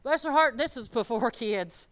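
A woman gives a folksy, emphatic sermon and talks to her congregation like old friends. Her voice sits a bit high and sounds bright and forceful, with a clear, crisp tone. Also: lively intonation, normal speed. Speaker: preacher.

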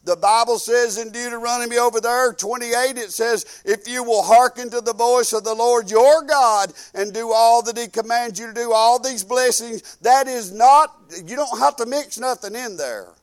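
A man preaches in church with a notably high voice. His delivery is folksy and fervent, swinging from loud proclaiming down to quiet, reflective asides. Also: normal speed, few pauses, clear, resonant tone. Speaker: pastor. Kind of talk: sermon.

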